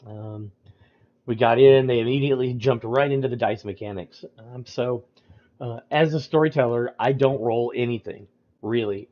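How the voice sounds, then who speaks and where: Male game runner, mid-pitched voice, casual livestream chat, halting and filler-heavy, slightly muffled audio. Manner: rambling with many ums and restarts. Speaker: storyteller discussing a tabletop game.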